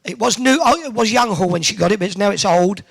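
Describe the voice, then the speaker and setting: A man hosting a bowls event, teasing the crowd with quick cheeky one-liners over a handheld microphone in a large indoor arena. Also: high voice, creaky. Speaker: arena host entertaining the crowd.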